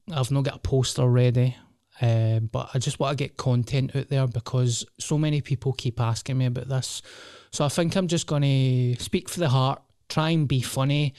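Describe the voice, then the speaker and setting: A man's voice: medium pitch, a little mellow, smooth, no echo, studio quality. A Glaswegian man in his thirties hosting a solo podcast, rambling and swearing in a jokey, casual way. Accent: Scottish, Glasgow. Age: 30s. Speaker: podcast host.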